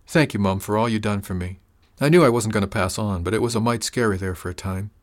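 A man's voice: on the low side, quick pace, lightly acted. A shy young country woman, still weak from fever, as a male narrator voices her. Her speech is raised and hesitant, earnest and plain-spoken.

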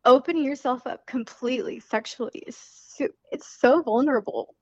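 A higher-voiced woman talks hesitantly, full of fillers, with an emotional edge. Her sound is dull and dry, as if it comes over a remote line. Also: moderate pace, slightly rough, no room sound. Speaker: podcast guest. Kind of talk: casual personal chat.

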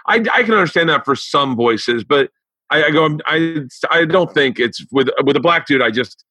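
Bright-voiced, profane podcast host man. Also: fairly high pitch, expressive, normal speed, dry recording. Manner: profane, stammering restarts. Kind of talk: casual chat.

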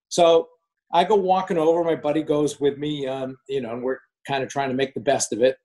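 A man in his sixties, a former finance manager, tells a casual anecdote in a mid-range voice at a fairly quick pace. He acts out the quoted dialogue with plenty of animation.

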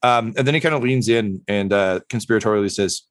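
A man's voice: lowish voice, fast talker, few pauses, no echo. A man narrating a tabletop game as game master, hesitant with many "um" and "uh" fillers.

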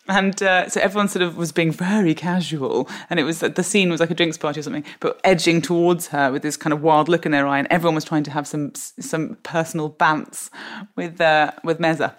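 A woman, a guest on a podcast, telling anecdotes in an animated way and laughing often. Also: low-pitched, a little fast. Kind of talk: interview anecdote.

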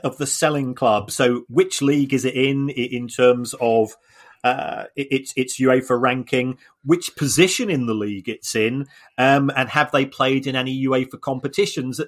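A man co-hosting a podcast, explaining things in a casual discussion with frequent restarts and repeated words. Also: mid-range voice. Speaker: podcast co-host.

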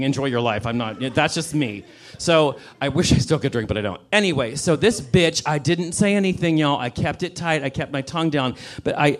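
A man in his fifties telling a sassy, campy, impassioned story on a comedy club stage. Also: medium pitch. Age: 50s. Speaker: comedian and writer. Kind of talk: stand-up storytelling rant.

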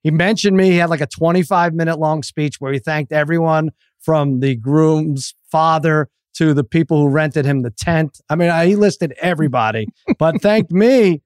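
A man's voice: a little high, moderate pace, dry recording, clean studio sound. A middle-aged man, a regular on the podcast, telling prank stories with lots of laughter in casual chat. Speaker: podcast regular, comedy writer.

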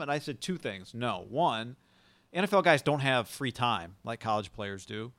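A man's voice: mid-range voice, normal speed, no room sound. Casual, storytelling male sports talker. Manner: animated, tells anecdotes with quoted dialogue, swears casually. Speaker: sports talk co-host.

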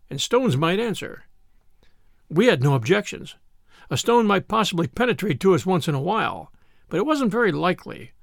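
A man reading a classic novel aloud in measured storytelling narration. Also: high voice, creaky, dry recording, studio quality. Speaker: audiobook narrator. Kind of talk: scripted narration.

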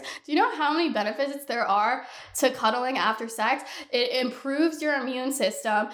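Young woman ranting on her podcast, blunt and worked up, kinda high voice, echoey room. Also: measured pace. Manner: animated, blunt, exasperated ranting with laughs. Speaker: podcast host. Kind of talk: solo podcast rant.

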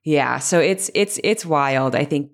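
Low-voiced woman, rambling podcast guest. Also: a little slow. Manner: self-deprecating, rambling with many restarts. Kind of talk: casual interview chat.

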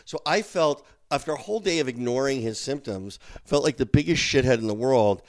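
Man, middle-aged, podcast co-host, casual chat, animated storyteller. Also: mid-range voice, a little fast. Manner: animated storyteller, acts out quotes.

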